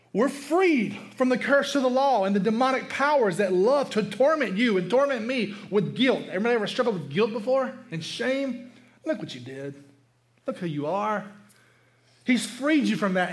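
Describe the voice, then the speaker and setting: High-voiced man preaching emphatically. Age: adult, father of a young son. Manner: emphatic, conversational preaching with rhetorical questions. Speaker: pastor. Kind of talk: sermon.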